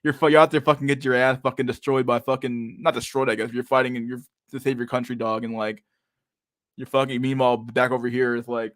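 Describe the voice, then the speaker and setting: A man's voice: mid-range voice, level tone, fairly quick, no room sound, studio quality. A young man from Canada, rambling and swearing casually as the host of a livestream chat. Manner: rambling, profane, laughs at memes.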